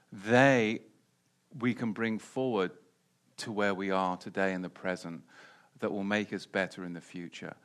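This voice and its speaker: A man's voice: mid-range voice, a bit bright. Preacher, male, mid-range voice, emphatic Bible teaching with repeated phrases.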